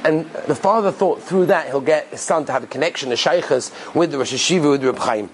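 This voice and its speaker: A male rabbi telling an inspirational story in an animated way, repeating phrases for emphasis. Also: a little high, a little fast, slight background noise, poor audio.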